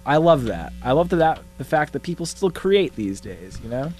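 A young man co-hosting a college radio talk show, joking in a deadpan, mock-serious way. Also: fairly high pitch, normal speed. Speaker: co-host.

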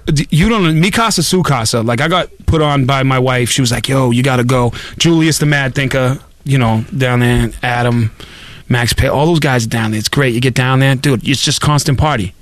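A man's voice: mid-range voice, brisk, no echo. A man from Boston hosting a podcast, telling stories animatedly and going on passionate rants. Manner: animated storyteller, acts out voices, prone to rants. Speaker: podcast host. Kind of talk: casual chat.

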